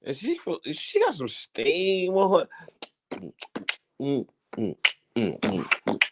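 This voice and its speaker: A man hosting a casual current-events commentary, teasing and theatrical, swinging between loud outbursts and hushed asides. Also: a little high, huge pitch swings, slow, husky. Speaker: host.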